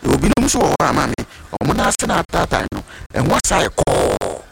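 Guy with a really gravelly voice talking fast about health stuff, walks through symptoms one by one, lots of noise behind him. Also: a little high, sing-song. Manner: explains symptoms step by step, mixing in English medical terms. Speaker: medical expert on a health show. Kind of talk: explanatory health talk. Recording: loud background noise.

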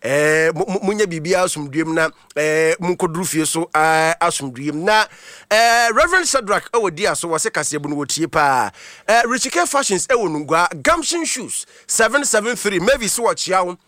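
A man hosting a radio show, chatty and lively, with many fillers. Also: high-pitched, brisk, dry recording. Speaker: radio host. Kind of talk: casual radio chat.

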